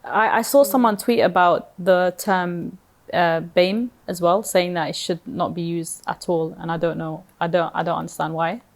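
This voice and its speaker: A young woman with a slightly low voice chats on a podcast. She sounds hesitant and inquisitive, filling her explanations with uhs and restarts. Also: steady tone, normal speed. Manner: hesitant and questioning, many uhs. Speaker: podcast co-host. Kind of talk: casual chat.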